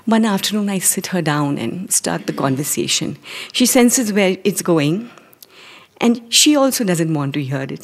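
Indian woman, forties, breathy voice, live stage storyteller, measured and hesitant. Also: lowish voice. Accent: Indian English. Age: 40s. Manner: measured and hesitant, dropping to near-whispers.

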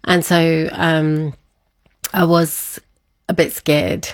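A woman telling a personal story in conversation, animated and quick to laugh, often acting out what her family said. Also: low-pitched, no room sound. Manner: lively, laughs often, acts out family quotes. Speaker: guest.

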